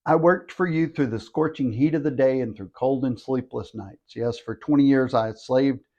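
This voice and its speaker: A man's voice: mid-range voice, normal speed, dark tone, highs cut off, close to an everyday voice. A man reading the part of a herdsman protesting years of unfair treatment, in an earnest way. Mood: aggrieved. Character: aggrieved man defending his long labor.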